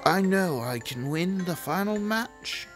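A gamer voicing a desperate middle-aged father and mage with a put-on accent, slow and pleading over game music. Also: mid-range voice, lively intonation, pitched above the performer's own voice.

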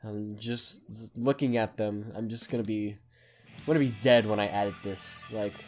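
A man hosting a gaming channel, giving hyper, excitable let's play commentary and yelling at opponents. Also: fairly low pitch, moderate pace, faint music behind.

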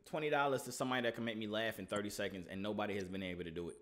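A man's voice: fairly low pitch, steady tone, racing, a bit bright. A man hosting a casual video chat, teasing and trash-talking strangers. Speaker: video host.

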